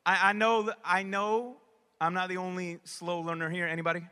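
Male pastor, high bright voice, conversational preaching, long reverb of a hall. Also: level tone, fairly quick, clear, resonant tone. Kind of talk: sermon.

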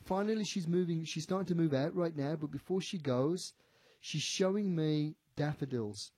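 A man working as a psychic medium on the radio, animated, often repeating himself and quoting what a spirit tells him. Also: on the high side, normal speed, no room sound. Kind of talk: on-air psychic reading. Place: radio studio.

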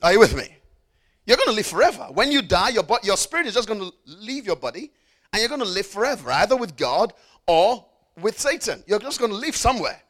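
A man's voice: high voice, sing-song, a bit bright. A man preaching a sermon, emphatic, repeating key phrases and calling on the congregation to repeat after him. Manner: emphatic, repeats phrases with call-and-response prompts; slows down for stressed phrases, rushes through asides.

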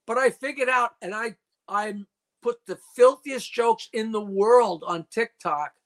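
A man's voice: high-pitched, a little slow, a bit bright. An older man in his seventies from New York, a comedian guest in a casual call-in chat, rattling off dirty jokes and stories.

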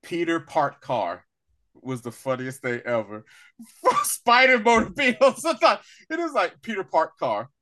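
A man in casual review-chat mode, his voice sitting a bit high for a man. He talks in loose, rambling runs with fillers and often jumps up into excited, laughing impressions of the characters. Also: measured pace. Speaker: podcast co-host.

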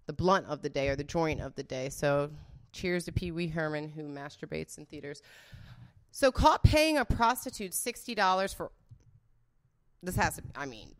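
A woman's voice: low-pitched, clean tone. A woman chatting casually as a guest guessing celebrity scandals, blunt and rambling, swearing freely and laughing often. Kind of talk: casual unscripted chat.

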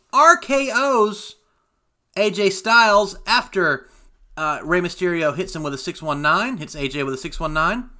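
Animated male recapper, slightly high, casual and excitable. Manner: animated, building excitement on big moments. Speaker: wrestling show recapper.

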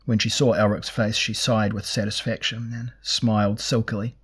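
Male audiobook narrator, low voice, flat, measured delivery. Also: husky. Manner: measured, even storytelling. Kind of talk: scripted fantasy narration.

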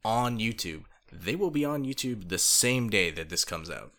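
A man's voice: fairly low pitch, sing-song, moderate pace, sharp tone. A young man co-hosting a podcast, chatting casually in a laid-back way with dry asides. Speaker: podcast co-host. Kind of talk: casual chat.

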